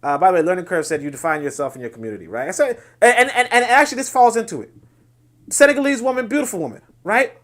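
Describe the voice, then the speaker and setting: Male podcast host, high voice, emphatic lecturing commentary. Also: sing-song, quick pace, a bit bright. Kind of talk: solo commentary on social media posts.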